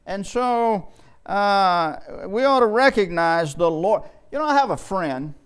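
High-voiced man preaching a folksy sermon. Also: expressive, clear, resonant tone. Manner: folksy, repeats and restarts words, slows for scripture.

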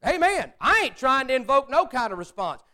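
A preacher delivering a sermon, swinging between loud exclamations and hushed prayer-like speech. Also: male voice, very high voice, big pitch swings, a little fast.

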